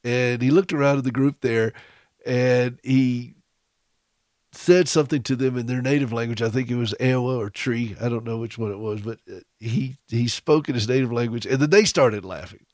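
A man's voice: mid-range voice, normal speed, a little mellow, no echo. Chatty self-deprecating man, radio host. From United States. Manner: chatty and self-deprecating, stumbles and restarts, chuckles while telling stories. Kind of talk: radio talk, personal storytelling. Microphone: studio broadcast microphone.

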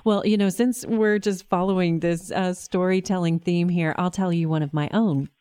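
A woman's voice: on the low side, steady tone, moderate pace, mellow, clear, resonant tone, no room sound. A middle-aged woman hosting a faith talk show, telling a personal story in an earnest, emotional way. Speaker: host. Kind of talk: casual chat, storytelling.

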